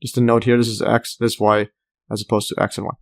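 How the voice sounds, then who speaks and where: A man's voice: on the low side, little pitch movement, fast talker, gravelly. Rambling man teaching a math lesson. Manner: rambling, many fillers and restarts, enthusiastic asides. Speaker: math tutor. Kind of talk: casual screen-recorded math lesson.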